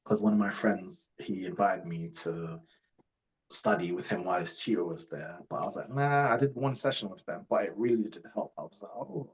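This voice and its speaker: Relaxed young man from Jamaica, low voice. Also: fairly quick, poor audio. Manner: relaxed, rambling, many fillers and laughs. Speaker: guest. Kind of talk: casual interview storytelling.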